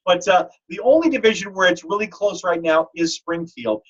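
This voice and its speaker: A man hosting a fantasy football league podcast, telling stories in a joking, animated way. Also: high voice, normal speed. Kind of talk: casual podcast chat. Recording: dull lo-fi audio.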